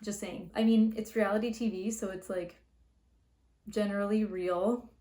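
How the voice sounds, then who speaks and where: A woman's voice: medium pitch, darkish tone, roomy sound. A young woman with a Canadian accent, hosting a casual explainer video and talking chattily with many fillers. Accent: Canadian English. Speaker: linguistics video host.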